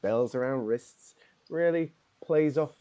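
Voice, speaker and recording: A man's voice: mid-range voice, takes it slowly, dark tone, highs cut off, lightly acted. A man voicing a proud, fussy middle-aged male Morris dancer who rambles on opinionatedly and says "aye," improvised in a role-play game. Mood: boastful.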